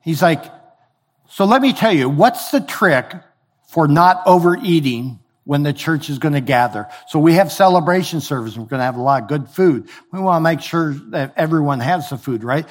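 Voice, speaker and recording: A man preaching a sermon in a conversational way, explaining scripture with everyday examples. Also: on the high side. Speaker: pastor.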